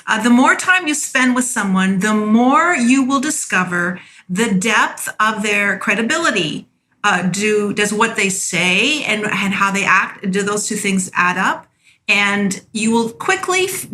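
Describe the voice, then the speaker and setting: A woman's voice: fairly high pitch, bright, forceful tone, a little hiss or hum. A woman from a church sharing a short spoken devotional, earnest and storytelling, with small restarts.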